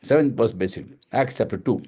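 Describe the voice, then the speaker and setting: A man's voice: medium pitch, quick pace, mellow, husky. A man leading a Bible study, explaining verses one at a time, repeating phrases and asking and answering his own questions.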